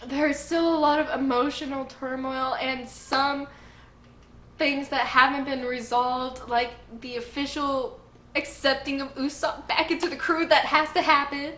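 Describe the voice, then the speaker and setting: Young female reviewer, crisp bright tone, casual and effusive, echoey room. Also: sits high. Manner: gushing, emotional fan. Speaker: anime review host. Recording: roomy echo, faint noise.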